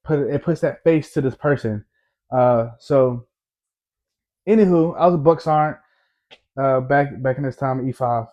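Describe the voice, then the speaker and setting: A man's voice: mid-range voice, dark tone. A man in his thirties casually telling a personal story to camera, rambling and conversational, often tagging lines with "right?". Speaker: storyteller, army veteran.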